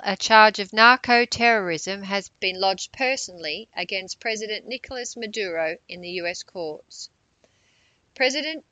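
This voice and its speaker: A woman reading a political news report in a measured narration, with quotes read aloud. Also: mid-range voice, pushed and bright, dry recording, low-quality recording.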